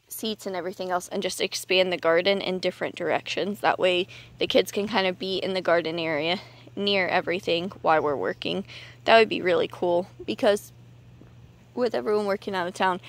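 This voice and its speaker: Chatty woman vlogging outdoors, out of breath. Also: fairly low pitch. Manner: chatty and rambling, thinking aloud. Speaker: homesteading vlogger. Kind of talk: casual outdoor vlog narration. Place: outdoors in a yard clearing brush.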